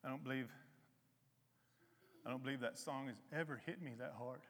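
A man preaching a conversational sermon to a congregation, with emphatic rises and a soft, slow hymn. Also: mid-range voice, big-room sound. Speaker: lay preacher. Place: church hall.

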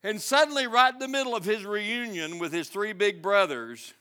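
A man preaching a sermon, telling a story dramatically and swinging between loud and hushed delivery. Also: high voice, normal speed, smooth. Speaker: pastor.

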